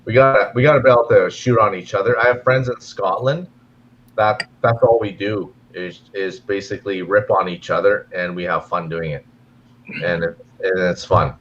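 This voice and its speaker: A man with a Canadian accent talks in a rambling, stammering way, repeating words as he goes. His voice sits low. The sound is dull and lo-fi with a faint hiss behind him. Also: steady tone, normal speed, fairly bright tone. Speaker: guest in a live stream chat. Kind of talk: casual chat.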